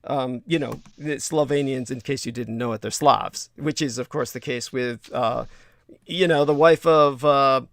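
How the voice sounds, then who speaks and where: A man's voice: mid-range voice, measured pace, vocal fry, a bit bright, no echo. A man hosting a livestream, talking in a digressive, crude and emphatic way with many restarts. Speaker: livestream host. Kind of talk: rambling livestream talk.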